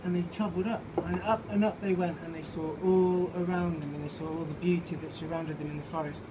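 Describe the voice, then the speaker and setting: A slightly drunk man reading his own story aloud outside a pub, halting and playful, with restarts and swearing. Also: on the high side, steady tone. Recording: noisy outdoor pub ambience.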